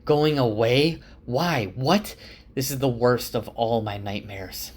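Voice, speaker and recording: A man's voice: medium pitch, takes it slowly, voice pushed up. A man putting on an anxious, calculating older woman. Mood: worried. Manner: anxious questioning.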